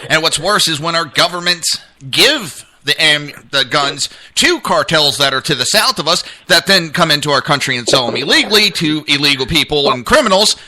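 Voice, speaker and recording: Male podcast co-host, rambling storyteller, bright and sharp in tone. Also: a little high, lively intonation, moderate pace. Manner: rambling storyteller, laughs at his own jokes. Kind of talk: casual political chat.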